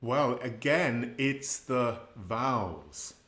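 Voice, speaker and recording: Male language teacher, slow and patient, repeats each sound, roomy echo. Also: mid-range voice, fairly bright tone. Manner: models sounds slowly and repeats them. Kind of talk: pronunciation lesson.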